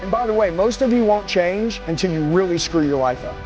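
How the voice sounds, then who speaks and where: A man with a high, pushing voice gives a confrontational motivational speech full of swearing. He challenges the listeners head-on and builds to hard, punchy lines. Faint music runs behind him. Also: lively intonation, brisk, darkish tone, lo-fi sound. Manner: aggressive, profane, confrontational. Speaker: motivational speaker. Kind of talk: shouted motivational speech to a live audience. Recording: music playing underneath.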